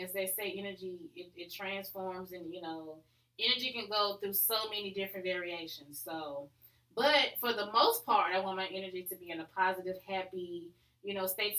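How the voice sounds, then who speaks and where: A woman's voice: mid-range voice, fairly quick, sharp tone, reverberant, poor audio. A woman hosting her own podcast, talking casually and upbeat with plenty of fillers. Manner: chatty and upbeat, many fillers. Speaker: podcast host. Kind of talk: casual solo podcast talk.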